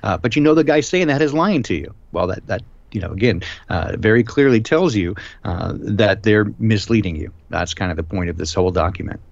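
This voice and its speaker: A man hosting a live stream discussion, talking in a rambling, emphatic way with many filler pauses. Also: fairly low pitch, lively intonation, gravelly, no echo. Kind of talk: casual discussion. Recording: dull lo-fi stream audio.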